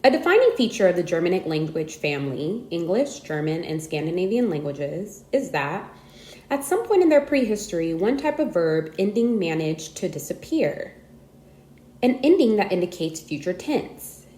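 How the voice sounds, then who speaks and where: A woman narrating a scripted grammar lesson in a measured, explanatory way. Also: lowish voice, reverberant. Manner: measured, explanatory reading with lively emphasis. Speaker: audiobook narrator.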